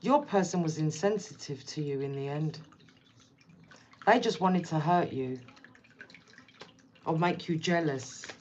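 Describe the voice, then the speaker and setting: A woman with a low voice gives a casual tarot reading, talking to the listener bluntly and repeating her points. The recording is dull and lo-fi. A faint hiss sits underneath. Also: unhurried, long pauses, darkish tone. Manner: blunt, repetitive, direct address. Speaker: tarot reader.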